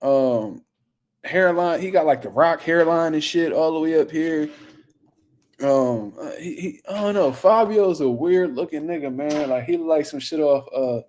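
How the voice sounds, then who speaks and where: Mellow-voiced man ranting about boxing. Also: a little high, moderate pace. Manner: loose, profane, rambling street talk. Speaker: boxing news show host. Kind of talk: casual commentary, reading viewer comments.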